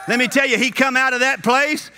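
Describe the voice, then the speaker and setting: A man preaching a sermon at a conference, animated and shouting at peaks, slipping into character voices for retold scenes. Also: extremely high pitch, a little fast, faint music behind. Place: conference hall.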